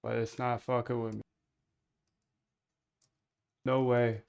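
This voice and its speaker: A man's voice: medium pitch, little pitch movement, slow, vocal fry, darkish tone, smooth. A young man streaming himself as he codes a trading bot, rambling and muttering to himself in casual talk. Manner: rambling, mutters to himself, says dude a lot. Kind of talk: casual live-stream talk while coding.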